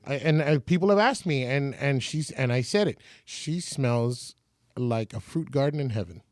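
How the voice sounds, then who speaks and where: A man's voice: medium pitch, lively intonation, moderate pace, darkish tone, no room sound, clean studio sound. A man in his forties from San Antonio, a radio personality telling stories as a podcast guest and acting out other people's lines. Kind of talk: casual storytelling.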